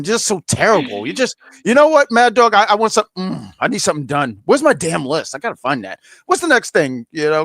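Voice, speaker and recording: Podcast co-host, man, high and very animated delivery, playful mock indignation. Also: creaky, no room sound. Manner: playful, mock-outraged, theatrical. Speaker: co-host of a wrestling review show. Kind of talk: casual podcast banter.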